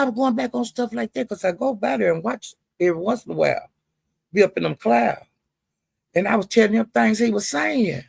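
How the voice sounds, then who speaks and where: A woman's voice: mid-range voice, expressive, fairly quick, gravelly, breathy edge, no room sound. A woman live streamer in a casual, rambling rant, swearing freely and greeting viewers in the chat.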